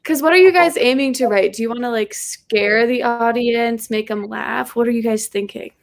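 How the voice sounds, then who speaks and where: A woman's voice: on the high side, normal speed, creaky. A woman guest writer on a video call, chatting casually, hesitant and rambling as she thinks aloud. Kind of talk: casual chat.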